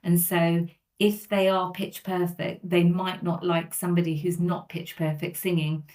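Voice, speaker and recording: A woman's voice: fairly low pitch, little pitch movement, unhurried, darkish tone. A woman from England, a speech and language therapist explaining earnestly in a podcast conversation, with everyday examples.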